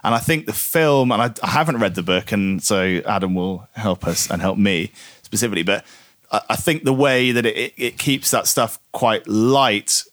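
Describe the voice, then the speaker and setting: A man's voice: lowish voice, moderate pace, a bit bright, no echo, clean studio sound. A man from Guernsey chatting casually on a podcast, reviewing a film in a rambling, hesitant way with many restarts. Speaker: podcast co-host.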